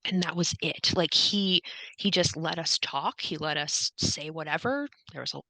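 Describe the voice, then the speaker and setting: A woman's voice: sits low, normal speed, bright, forceful tone, no echo, poor audio. A young adult woman being interviewed as a podcast guest, speaking candidly and emphatically. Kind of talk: candid conversational podcast chat.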